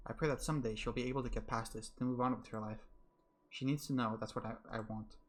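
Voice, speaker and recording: A man's voice: medium pitch, fairly even intonation. A young man reading a visual novel aloud as a streamer, earnestly voicing the narrator and adding his own commentary. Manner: earnest, reads fast, slips and restarts. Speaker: let's play streamer.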